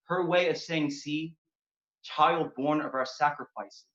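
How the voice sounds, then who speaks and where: A man's voice: a little high, takes it slowly, a bit bright. A man performs a slam poem with a rhythmic, emphatic delivery that builds in intensity. The sound is somewhat dull and muffled. A noticeable echo from the venue hangs around the voice. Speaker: slam poet. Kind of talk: spoken word poetry performance. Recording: dull, echoey venue recording.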